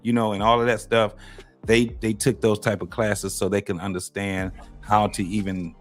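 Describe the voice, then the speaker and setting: A man chatting as a co-host, opinionated and rambling, and his voice jumps up when he gets animated. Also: fairly low pitch, normal speed, soft background music. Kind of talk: casual conversation.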